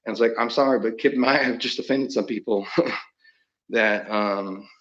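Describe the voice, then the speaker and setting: A man's voice: lowish voice, unhurried, a bit bright, muffled recording. A man talking in a rambling monologue, chuckling often mid-sentence and trailing off into restarts.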